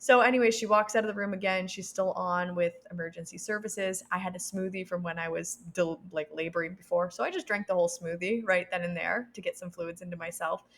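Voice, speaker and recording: A young adult woman, a podcast guest, telling a personal story with lively quoted voices and frequent laughs. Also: on the low side, brisk, few pauses. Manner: animated, acts out quoted voices; laughs between sentences.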